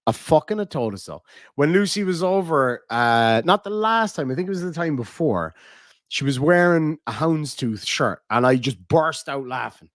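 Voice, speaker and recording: A man's voice: fairly high pitch, expressive, normal speed, fairly bright tone, no echo. Profane ranting Irish man, dry sound. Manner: profane, ranting, reads viewer messages aloud. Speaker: live-stream host. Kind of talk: casual live-stream chat.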